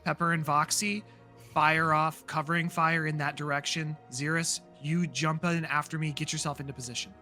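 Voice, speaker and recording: A man playing in a tabletop game, energetically rattling off quick plans. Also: a little high, steady tone, sharp tone, faint music behind. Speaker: player. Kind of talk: casual tabletop play.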